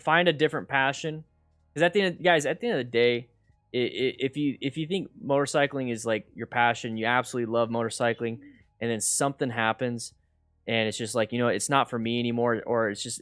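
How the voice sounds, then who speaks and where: A man's voice: medium pitch, a bit bright. Middle-aged guy hosting a live q&a from home, headset mic, lots of restarts, faint music under it. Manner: chatty, repeats words, reads viewer questions aloud. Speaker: motorcycle coach and livestream host. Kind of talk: casual live Q&A chat. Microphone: headset mic with noise gate.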